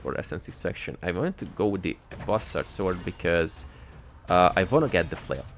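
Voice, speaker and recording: Low gravelly guy playing a game, cracking jokes, reading the upgrades out loud. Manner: joking, reads upgrade text aloud. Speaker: gaming channel host. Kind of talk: casual gameplay commentary. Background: game music.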